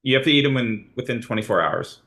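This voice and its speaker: A man playing a tabletop game, describing his character's moves in a relaxed way. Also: mid-range voice, fast talker. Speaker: player. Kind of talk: casual tabletop play.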